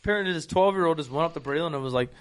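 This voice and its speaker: A young man co-hosting a casual podcast, telling a profane story with loud bursts of laughter. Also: a little high, racing. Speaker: podcast co-host.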